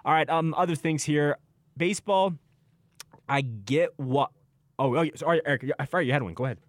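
A man hosting a sports radio show, emphatic and animated, who laughs easily. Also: a little high, normal speed, dry recording.

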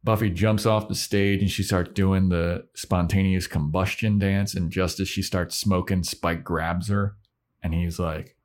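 A man's voice: sits low, fairly even intonation, a little slow, a little mellow. A man hosting a podcast, recapping a TV episode with loose, profane storytelling. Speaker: podcast host. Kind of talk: casual chat, recapping episodes.

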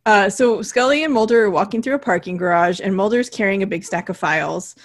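A chatty woman co-hosting a podcast in a relaxed, casual tone. She walks through the scenes one by one and slips in quoted lines from the characters. Her voice sits at an ordinary middle pitch for a woman. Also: fairly quick. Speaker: podcast co-host. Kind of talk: casual chat recapping an episode.

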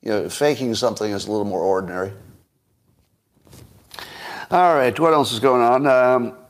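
A man's voice: medium pitch, normal speed. Wry man musing on the news. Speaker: podcast host. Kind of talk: solo political commentary.

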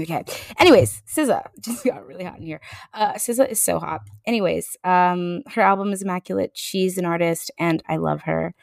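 A woman hosting a casual solo podcast, chatting in an animated, playful way with joking asides to herself. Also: fairly low pitch, brisk, gravelly, no echo, clean studio sound. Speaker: podcast host.

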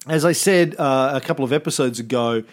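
A man's voice: medium pitch, fairly quick. A man co-hosting a history podcast, explaining events in a casual, rambling way with many fillers and self-corrections. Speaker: podcast co-host.

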